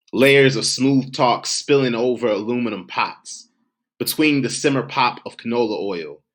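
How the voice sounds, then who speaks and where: A man's voice: mid-range voice, a bit bright. Man performing rhythmic spoken word poetry. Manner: rhythmic, emphatic, cadenced delivery. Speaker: poet. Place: home, virtual showcase submission.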